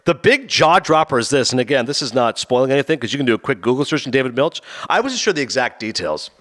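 A man with a mid-range voice talks fast as he co-hosts a laid-back podcast. He's a lively storyteller, recounting anecdotes and slipping into quick impressions of the people in them.

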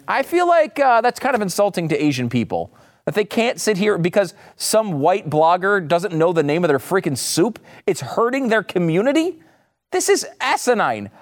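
A man rants sarcastically, his voice sitting high and swinging widely in pitch. He reads quotes aloud in a flatter tone, then mocks them with incredulous, exasperated outbursts. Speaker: commentary host. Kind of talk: ranting commentary, reading quotes aloud.

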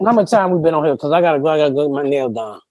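Woman host, blunt crude roaster, husky voice, chats with her mouth full. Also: low-pitched, expressive, very fast, a little mellow, dry recording. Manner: talks while eating. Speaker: podcast host. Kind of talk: casual comedy podcast chat.

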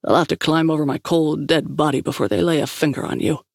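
A woman's voice: sits low, steady tone, quick pace, gravelly, darkish tone, no room sound, clean studio sound. A woman voicing an eager, boyish young man who gets flustered easily.

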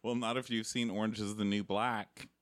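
A man's voice: on the low side, normal speed. A man guesting on a podcast, joking and riffing about a movie in casual chat. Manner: joking, animated, laughs often.

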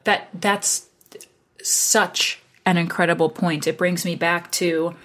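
A woman in tech sales telling an animated story in casual conversation and acting out the dialogue. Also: lowish voice, takes it slowly. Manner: animated, acts out quoted dialogue with laughs.

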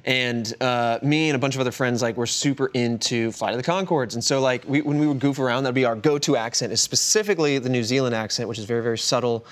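A man in an easy-going podcast chat, wandering through his thoughts with lots of filler words and a self-deprecating edge. His voice sits at an ordinary middle pitch. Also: fast talker, hardly any pauses. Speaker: podcast host. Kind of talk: casual chat.

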